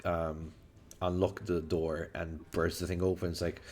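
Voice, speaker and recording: A man from Malta narrating a tabletop role-playing game as game master, halting and full of fillers and restarts. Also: sits low, flat delivery, a little mellow.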